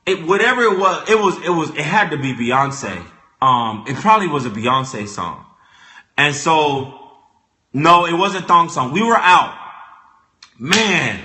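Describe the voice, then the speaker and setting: High, bright-voiced young man ranting. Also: measured pace. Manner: animated, repetitive, stammering restarts. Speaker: vlogger. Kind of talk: comedic storytelling rant. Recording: echoey room.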